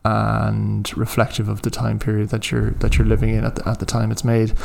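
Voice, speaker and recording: A man co-hosting a casual film discussion podcast, measured and hedging his opinions. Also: on the low side, monotone, creaky, darkish tone. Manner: measured, hedging, mildly contrarian. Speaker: podcast co-host.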